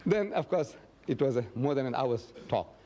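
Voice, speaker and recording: A man answers audience questions at a public lecture, telling stories emphatically and acting out quoted dialogue. His voice is mid-range, expressive and dark in tone, at normal speed.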